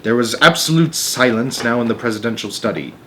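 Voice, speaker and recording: A man reading a children's book aloud as a storyteller, with an animated delivery. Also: medium pitch, fairly quick.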